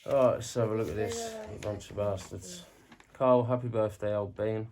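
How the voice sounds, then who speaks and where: A man unboxing a gift on camera, excitable and swearing freely as he reacts. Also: fairly low pitch, normal speed, background noise. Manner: excitable, swears constantly, laughs along. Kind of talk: casual unboxing chat.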